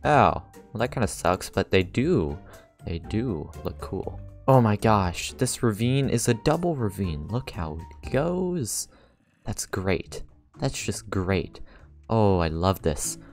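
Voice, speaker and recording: Excitable man narrating his gameplay. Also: lowish voice, takes it slowly, soft background music. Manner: excitable, gasps and laughs often, talks to viewers. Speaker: let's play host. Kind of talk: casual gaming commentary.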